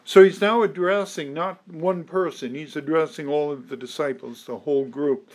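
Slightly high-voiced male preacher. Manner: measured teaching delivery with frequent ums and restarts. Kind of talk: expository sermon.

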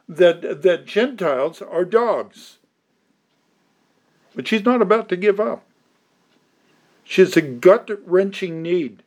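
Speaking in a voice that sits high, a man preaches an expository sermon. His delivery is slow and deliberate, with emphatic stresses and the occasional restart.

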